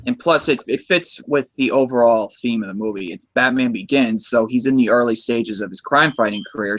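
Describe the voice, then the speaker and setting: A man's voice: mid-range voice, fairly bright tone. Enthusiastic American man hosting a podcast. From United States. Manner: chatty, enthusiastic, many restarts. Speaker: podcast host. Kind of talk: casual movie discussion.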